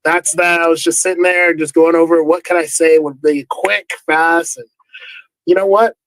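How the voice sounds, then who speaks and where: A man being interviewed as a guest musician, easygoing and halting, repeating words as he searches. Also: a little high, fairly even intonation, a bit bright, no room sound, poor audio. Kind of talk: casual interview chat.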